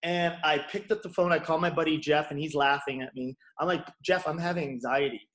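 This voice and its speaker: A man's voice: a little high, fairly even intonation, a little fast, fairly bright tone. Candid man in his forties, roomy echo. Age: 40s. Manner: frank, swears casually. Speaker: guest, chiropractor and bodyworker. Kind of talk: candid storytelling interview.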